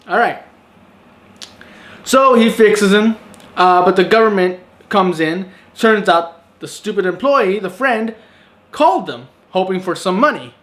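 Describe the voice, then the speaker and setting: A man with a notably high voice talks through a film's plot in a loose, unscripted review. He rambles with plenty of ums and you-knows. He turns sarcastic and exasperated about the characters he dislikes. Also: expressive, a little slow, a bit bright. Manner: rambling, filler-heavy, sarcastic, breaks into exasperated outbursts. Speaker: movie reviewer. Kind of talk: casual spoken review.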